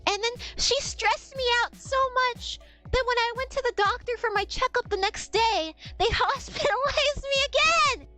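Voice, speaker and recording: A young adult woman telling a story on a livestream in a casual, animated way, swearing and laughing as she talks. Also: extremely high pitch, normal speed, faint music behind. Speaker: streamer.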